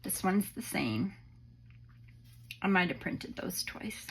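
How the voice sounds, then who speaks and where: Slow, gravelly-voiced woman vlogger, unwell. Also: on the low side, lively intonation. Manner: gentle, sentimental, unhurried. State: unwell, on antibiotics. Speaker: crafting channel host. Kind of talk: casual vlog chat to viewers.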